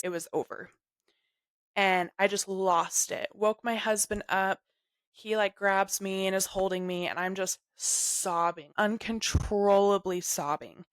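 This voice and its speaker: A young adult woman telling a personal story in an interview, halting and emotional, full of "like". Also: mid-range voice, fairly even intonation, fairly bright tone, clean tone, no echo. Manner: halting, emotional, heavy use of "like". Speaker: guest sharing her story.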